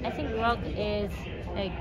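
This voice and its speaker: Slow woman, loud crowd. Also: medium pitch, fairly even intonation. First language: Japanese. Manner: halting, searching for words, giggly. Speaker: teammate. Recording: loud crowd noise behind.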